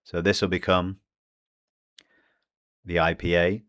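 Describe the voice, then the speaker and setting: A man with a British accent teaching English pronunciation, slowly modelling phrases one by one. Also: sits low, flat delivery, a bit bright, lo-fi sound. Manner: slow, deliberate modelling of phrases. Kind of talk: pronunciation lesson.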